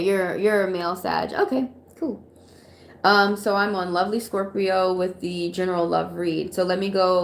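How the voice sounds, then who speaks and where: A woman's voice: on the low side, roomy sound, slight background noise. An American woman from Atlanta doing casual tarot readings on a live stream, chatty and rambling with many fillers and frequent laughs. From Atlanta, USA. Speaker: tarot reader.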